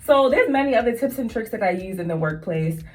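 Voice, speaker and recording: A woman's voice: fairly high pitch, lively intonation, fast, faint music behind. A woman who works as a nurse, talking straight to her viewers in an emphatic, casual storytelling vlog. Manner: emphatic, talks straight to viewers, repeats phrases for stress.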